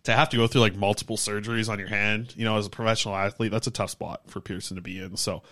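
A man co-hosting a casual sports podcast, animated and prone to ranting. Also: fairly low pitch. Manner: rapid, animated, prone to rants. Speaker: podcast co-host.

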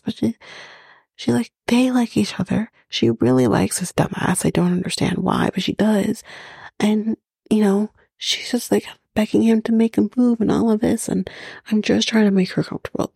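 Woman, podcast host, casual recap, blunt and profane, husky, dry close sound. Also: medium pitch, fairly even intonation, normal speed, mellow, dry recording. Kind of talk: casual reality-show recap.

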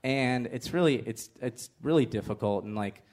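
A man telling comic stories about his family on stage in a live interview, animated and laughing through the punchlines. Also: mid-range voice, normal speed. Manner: animated storytelling with bursts of laughter and shouted punchlines. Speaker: comedian guest. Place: comedy festival stage with live audience.

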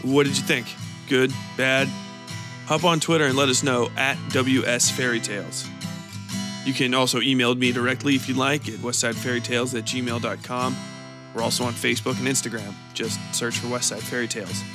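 A man hosting a podcast and reading a short story in an even, measured way. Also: medium pitch, over music. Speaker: podcast host and narrator. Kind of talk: scripted story narration.

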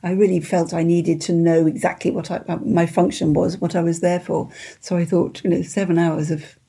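A woman in her seventies from England, an interview guest, speaking in a soft-spoken, measured and modest way. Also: fairly low pitch, level tone, creaky, husky. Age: 70s. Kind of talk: conversational interview.

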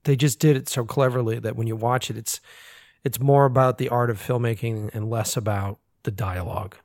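An animated American filmmaker talks casually on a podcast. He swears freely, laughs easily and keeps his voice at an everyday middle pitch. The sound is dry and close. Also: fairly quick, dry recording. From United States. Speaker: filmmaker guest.

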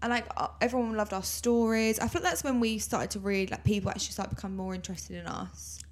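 A woman's voice: medium pitch, fast. A young woman, co-hosting a casual podcast and gushing about things she loved. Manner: enthusiastic, gushing. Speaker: podcast co-host. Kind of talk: casual chat.

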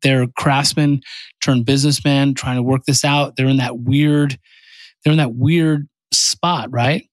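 A man hosting a podcast, telling stories in an animated, casual way. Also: mid-range voice, measured pace, no room sound. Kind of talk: casual chat.

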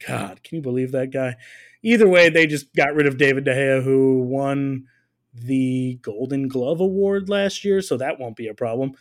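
A man's voice: mid-range voice, normal speed. A man co-hosting a casual soccer podcast, joking and rambling, laughing often. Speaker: podcast co-host. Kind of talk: casual chat.

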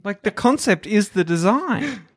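A man's voice: sits high, animated, husky. A man in casual chat, joking and acting out scenarios. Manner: joking, quick to act out voices.

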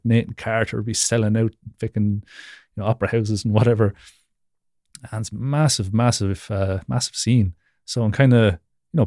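A man, a podcast guest on a video-call interview, rambles casually with lots of fillers and laughs often. His lowish voice is mellow, recorded in studio quality with no room sound.

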